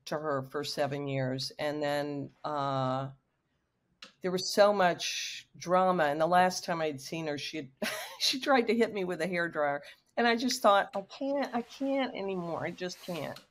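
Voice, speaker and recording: A woman's voice: sits low, measured pace. A woman in her sixties telling a personal story frankly and with emotion as a guest on a video call. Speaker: guest author.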